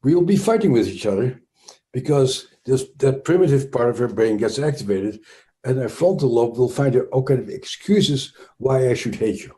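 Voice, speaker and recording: A man's voice: mid-range voice, dark tone. A man with a Dutch accent, a trauma expert speaking as an interview guest, explaining thoughtfully with frequent restarts and fillers.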